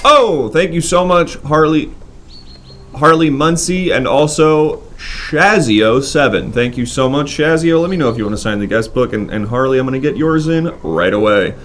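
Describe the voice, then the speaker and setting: A man's voice: a little high, expressive, moderate pace, a bit bright, slight background noise. A man hosting a live comedy stream, playful and bantering as he needles his guest. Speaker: host.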